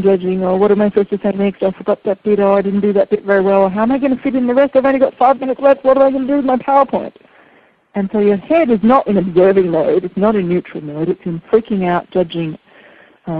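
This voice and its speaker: A woman speaking coach giving an earnest, expressive teaching talk, acting out anxious inner voices as she explains. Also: on the low side. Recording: tinny phone-like line.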